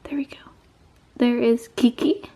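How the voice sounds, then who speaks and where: A young woman gushes through an unboxing vlog, her voice sitting high yet soft and mellow. She talks at an unhurried pace, breaking into excited squeals over each item. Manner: gushing, squeals often. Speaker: beauty vlogger. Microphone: camera mic.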